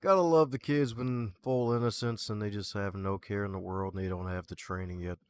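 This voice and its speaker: A man's voice: fairly low pitch, steady tone, brisk, clean tone. A man hosting a podcast in a casual interview chat, making laid-back joking asides. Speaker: podcast host.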